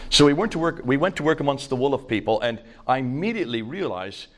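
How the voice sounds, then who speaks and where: A man's voice: mid-range voice, animated, quick pace, fairly bright tone. An older man from India with an American accent, lecturing a live audience in an emphatic, conversational storytelling way. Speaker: speaker at a seminar.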